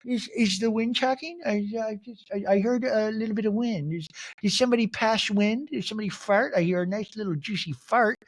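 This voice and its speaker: A man's voice: sits high, a little fast, pitched above the performer's own voice. A man voicing a cold, dismissive woman who sneers at a rival. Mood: mocking.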